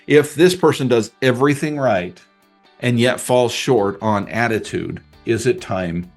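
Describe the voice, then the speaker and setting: A middle-aged man hosting a podcast, telling a story with animated delivery, stumbling over repeated words and laughing at his own analogy. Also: mid-range voice, a little slow, soft background music. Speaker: podcast host and appraiser coach. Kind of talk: solo podcast monologue with sponsor reads.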